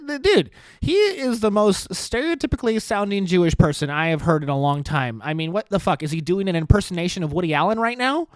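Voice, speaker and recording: Man, podcast host, comedic rant, profane, sarcastic, rambling, very animated pitch, dry room. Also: no echo.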